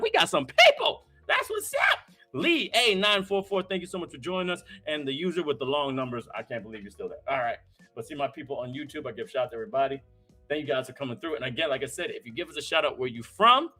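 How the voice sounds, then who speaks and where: A man hosting a live-streamed talk show, hyped and slangy, full of shout-outs, with faint music behind him. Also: medium pitch. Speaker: host.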